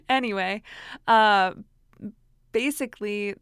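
A woman's voice: a little high, extremely slow, fairly bright tone, smooth, no room sound. Chatty woman with a dry close sound. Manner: chatty, many fillers and restarts, frequent laughs. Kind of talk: casual advice talk.

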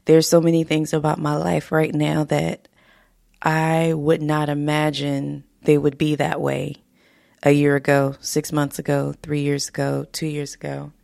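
A woman's voice: sits low, monotone, a little slow, vocal fry, a little mellow, no echo, clean studio sound. A woman hosting a podcast, speaking heartfelt and slightly emotional, laughing often as she talks. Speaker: podcast host. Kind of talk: casual motivational podcast talk. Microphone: podcast microphone in a home studio.

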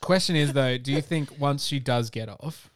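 A man's voice: mid-range voice, moderate pace, background noise. An Australian man co-hosting a casual film podcast, with a dry, teasing way of talking. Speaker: podcast co-host. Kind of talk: casual chat.

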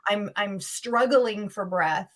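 Interviewed as a guest, a woman tells a personal story with earnest, emotional intensity, her delivery urgent and full of restarts. Her voice is mid-range with a fairly bright tone, and she speaks slowly.

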